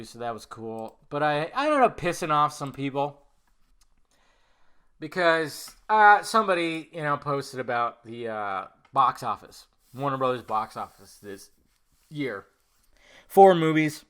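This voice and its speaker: Bright-voiced man telling a rambling story. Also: medium pitch, smooth. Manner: rambling and animated, swears often, acts out quoted dialogue. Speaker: podcast host. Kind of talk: casual storytelling monologue.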